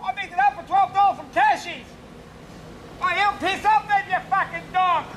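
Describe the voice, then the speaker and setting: A man's voice: extremely high pitch, normal speed, over loud music, voice pushed up. A man voicing a rude Australian street seller who pushes DVDs and swears at people who turn him down. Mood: pushy, insulting. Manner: abusive, insistent sales patter. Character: pushy male street DVD hawker, rude.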